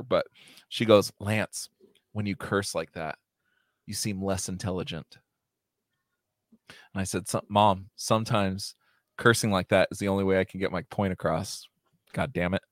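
A man's voice: low-pitched, a little fast, no echo. Dry-voiced American guy, chatty and swearing. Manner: swears a lot, laughs often; calls everyone dude. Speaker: podcast co-host. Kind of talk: casual chat.

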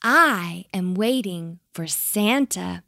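A woman's voice: on the low side, expressive, takes it slowly, creaky, bright, forceful tone, dry recording, clean studio sound, heavily acted. A woman voicing a friendly male reindeer in a storybook, polite and cheerful.

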